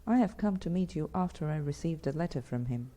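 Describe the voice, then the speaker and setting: A woman's voice: sits low, lively intonation, a little fast, dark tone. A woman reading an earnest, inquisitive young man. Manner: polite, probing questions.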